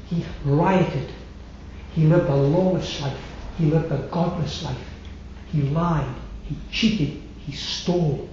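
Slow emphatic preacher in an echoey hall. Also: male voice, fairly high pitch, steady tone, a little hiss or hum. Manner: slow, emphatic preaching with falling, hushed phrase endings. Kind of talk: sermon. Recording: very echoey hall, slightly dull sound.

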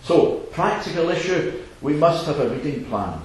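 Earnest preacher in an echoey hall. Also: male voice, fairly high pitch, animated, normal speed, a little mellow. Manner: earnest, varied, chuckling asides. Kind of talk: sermon. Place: assembly hall. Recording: echoey hall, faint noise.

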